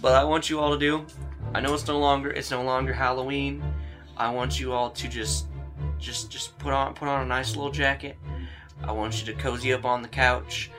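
A man's voice: medium pitch, level tone, moderate pace, music in the background. A man running a tabletop horror game as game master, joking and loose in his talk.

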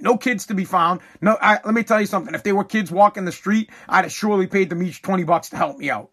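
A fed-up man, swearing freely as he rants through a long casual monologue. His voice sits notably high for a man, and his delivery is emphatic and exasperated. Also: quick pace, few pauses, fairly bright tone. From New England. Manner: exasperated, profane, emphatic ranting.

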